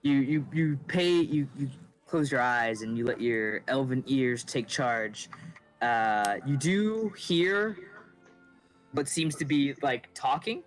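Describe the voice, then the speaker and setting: A man narrating as game master of a tabletop game, casual and halting, with many fillers. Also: mid-range voice, soft background music, low-quality recording.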